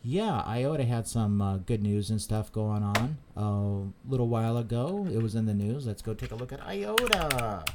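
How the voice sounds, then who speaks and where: A man's voice: medium pitch, animated, normal speed, hardly any pauses, background noise. A man hosting a live stream, chatting casually and reading out viewer comments, rambling with many repeated words and fillers. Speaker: crypto channel host.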